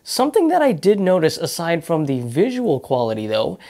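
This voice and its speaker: A man narrating a product review in a measured, explanatory way. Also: fairly high pitch, wildly swooping pitch, warm tone. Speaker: tech reviewer.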